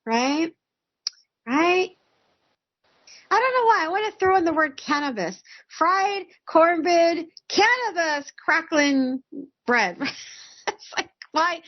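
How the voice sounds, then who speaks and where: Chatty high-voiced woman host. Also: highs cut off. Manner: chatty, laughs often, reads chat aloud. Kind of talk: casual live-stream chat.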